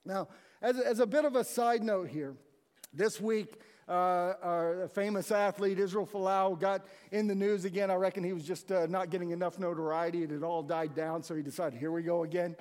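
Man preaching, conversational and animated, high-pitched voice, long hall echo. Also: moderate pace. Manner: conversational, animated storytelling with acted-out quotes. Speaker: pastor. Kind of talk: sermon.

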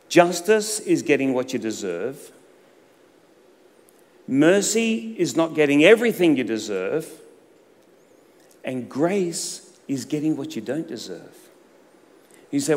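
A middle-aged man delivers a sermon, his voice at an ordinary pitch for a man. He swings between loud, emphatic bursts and hushed, low phrases. The sound carries a long reverb from the church hall. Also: a little hiss or hum. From Australia. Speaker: pastor.

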